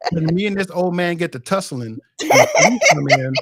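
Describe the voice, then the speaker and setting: A man's voice: sits high, lively intonation, brisk, noisy background. A man co-hosting a podcast, casually teasing and scolding his co-host, often laughing as he talks. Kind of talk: casual chat.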